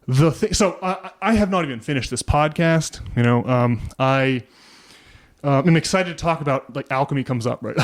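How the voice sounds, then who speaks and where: A man co-hosting a casual podcast, rambling through a story with lots of restarts. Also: mid-range voice. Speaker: podcast co-host.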